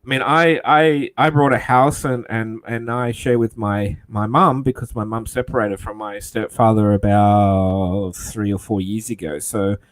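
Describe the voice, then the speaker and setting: A man's voice: fairly low pitch, fairly even intonation, a little slow, hardly any pauses. A man hosting a casual chat, rambling and heartfelt as he thinks aloud.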